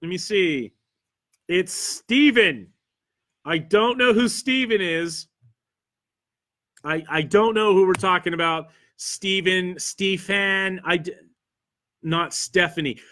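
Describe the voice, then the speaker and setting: A man with a Pennsylvania accent hosts a convention podcast alone from the studio, working through viewer comments in loose, casual chat. His voice sits slightly high and has a bright, forceful edge. He rambles, restarts his sentences and pokes fun at himself. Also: slow. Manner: rambling and self-deprecating, with frequent fillers and restarts. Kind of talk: solo livestream chat reading viewer comments.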